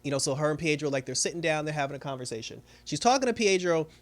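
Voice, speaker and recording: A man's voice: a little high, animated, racing. A man giving a casual recap of a TV episode, rambling along with many fillers. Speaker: TV show reviewer.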